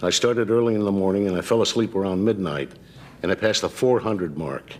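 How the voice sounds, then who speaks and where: An older man, a guest voice actor, telling relaxed stories in a talk show interview, with plenty of pauses and fillers. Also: sits low, a little hiss or hum. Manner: relaxed anecdotal storytelling with many fillers.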